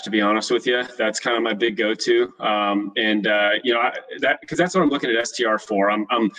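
A young man telling stories as a guest in a casual interview, animated and acting out the voices of people in his stories. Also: mid-range voice, distant mic, low-quality recording. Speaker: podcast guest, short-term rental host.

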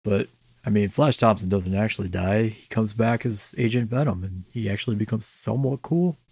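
A man's voice: lowish voice, a little fast, gravelly, darkish tone, breathy edge, no room sound. A young man co-hosting a casual chat, swearing freely and making sarcastic jokes. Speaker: podcast co-host.

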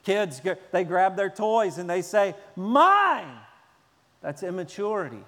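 High-pitched guy preaching, lively, acts out yelling kids, echoey church hall. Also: normal speed. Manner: animated, acts out shouting children. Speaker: pastor. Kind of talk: sermon.

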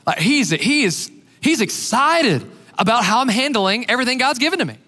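Animated high-voiced preaching pastor. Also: male voice, moderate pace, in a large hall. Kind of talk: sermon.

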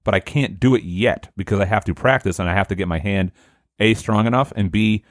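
A man's voice: on the low side, a little fast, no room sound, clean studio sound. A man hosting a casual podcast chat, explaining things in a rambling way with restarts. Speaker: podcast host.

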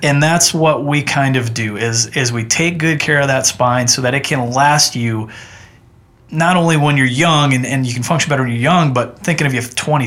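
Man, chiropractor guest, earnest casual chat, restarts often, medium pitch. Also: fairly bright tone. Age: adult with children. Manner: earnest, chatty, with frequent restarts.

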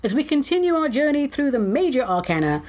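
A woman's voice: high voice, sing-song, a little fast, a little mellow, slight background noise. A middle-aged woman hosting her own show, chatting playfully and reading comic verse with theatrical whispers. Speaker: podcast host.

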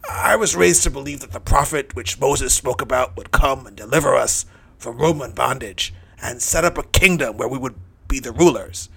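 A man's voice: moderate pace, vocal fry, pushed and bright, slightly rough, full character voice. A man performing a dramatic first-person monologue as a hardened, bitter thief dying on a cross, brooding and cynical. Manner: brooding, cynical, low-key.

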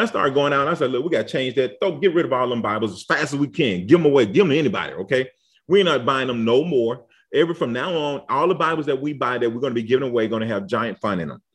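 A man giving an informal Bible study lesson, talking conversationally and often checking in with "okay?" and "all right?". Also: mid-range voice. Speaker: Bible teacher. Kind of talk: casual teaching talk.

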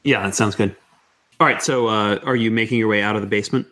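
Low-voiced male game master. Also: steady tone, quick pace, fairly bright tone. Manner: hesitant, lots of filler. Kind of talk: narrating a tabletop game.

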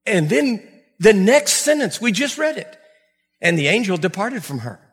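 Man, preacher, sermon, high voice, animated storytelling, reverberant hall. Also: moderate pace, breathy edge. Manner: animated storytelling with acted quotes and laughter. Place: church hall before a congregation.

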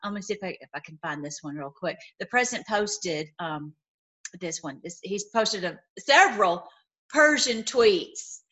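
Animated rambling woman commentator. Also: medium pitch, normal speed. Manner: animated, rambling, frequent restarts and fillers. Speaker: online commentator. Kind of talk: casual livestream commentary.

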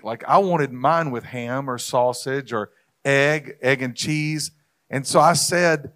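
A man's voice: medium pitch, slow, fairly bright tone. A man in a casual discussion, telling an anecdote in an easygoing, storytelling way.

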